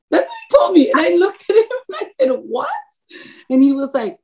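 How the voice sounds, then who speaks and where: A married woman with a grown son speaks as an interview guest, sharing a personal faith testimony. Her high, mellow voice swings hugely in pitch at a slightly quick pace, and she tells the story animatedly, acting out quoted dialogue and laughing often.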